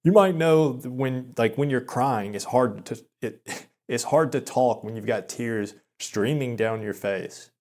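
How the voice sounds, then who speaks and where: A man in his thirties telling a personal story in a rambling, self-deprecating way, with many halting restarts. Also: mid-range voice, darkish tone. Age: 30s. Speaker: vlogger. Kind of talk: confessional storytelling monologue.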